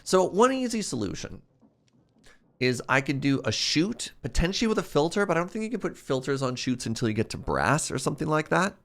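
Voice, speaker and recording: A man's voice: a little high, big pitch swings, fast talker, few pauses, fairly bright tone. A young adult man thinking aloud in casual commentary while streaming a modded block game. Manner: thinking aloud, rambling and musing.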